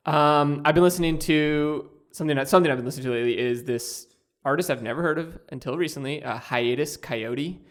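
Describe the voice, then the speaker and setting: A man hosting a podcast in a studio, chatting casually in a rambling way with many pauses. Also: mid-range voice. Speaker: podcast host. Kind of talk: casual chat.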